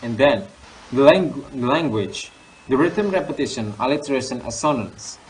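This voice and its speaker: A young man, a student teacher giving a lesson on poetry, reading definitions slowly with fillers and restarts. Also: medium pitch, lively intonation, slight background noise, rough recording. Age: young adult. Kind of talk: classroom lesson explaining poetry.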